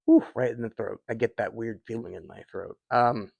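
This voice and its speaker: A man's voice: medium pitch, moderate pace, creaky, darkish tone, slightly rough, no room sound. A man in his fifties talking to his viewers in a rambling, heartfelt way, with many fillers and restarts. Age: 50s. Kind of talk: casual personal talk to viewers.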